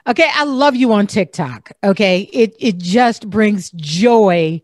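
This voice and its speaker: A woman talking to a guest with gushing enthusiasm. Her pitch is mid-range, and the sound is dry and close. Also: expressive, a little slow, no room sound.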